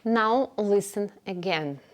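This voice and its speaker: A woman teaching beginner English, speaking clearly and patiently and repeating phrases for learners to follow. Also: mid-range voice, slow pace. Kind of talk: slow instructional narration.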